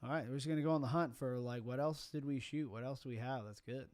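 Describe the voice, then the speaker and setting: A man's voice: mid-range voice, fast. A man who films weddings, talking casually as he explains his editing step by step. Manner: chatty, explains as he works. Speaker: wedding videographer. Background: music.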